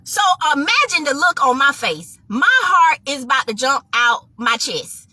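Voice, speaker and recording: At a measured pace and high pitch, a woman recounts her personal testimony to listeners, acting out both parties in the conversation with animation and calling them "y'all."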